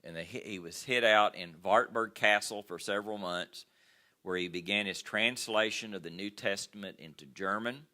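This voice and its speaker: A man's voice: fairly low pitch, moderate pace, pushed and bright. An older man teaching a history class, talking casually with fillers and stories from his own travels. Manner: conversational, with many fillers and personal anecdotes. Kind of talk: classroom lecture.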